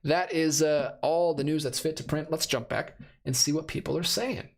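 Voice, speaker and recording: His voice is fairly high, steady in tone, at an ordinary pace. The man, in his thirties, chats through a casual stream on new movie releases, reading viewer comments, rambling, self-correcting, and laughing frequently, though he's losing his voice and it sounds a bit worn.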